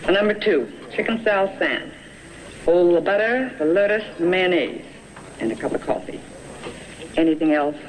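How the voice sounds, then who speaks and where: An actor playing a curt restaurant server who sticks strictly to the rules. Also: male voice, high voice, moderate pace, long pauses, natural voice, rough recording. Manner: curt and rule-bound. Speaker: restaurant server in a film scene. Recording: old film clip with hiss.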